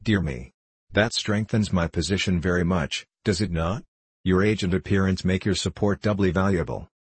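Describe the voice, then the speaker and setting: A man's voice: low voice, moderate pace, breathy edge, no room sound. A man voicing a sarcastic, blustering older professor in an audiobook reading. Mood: scornful. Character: irascible older male professor, short and powerful.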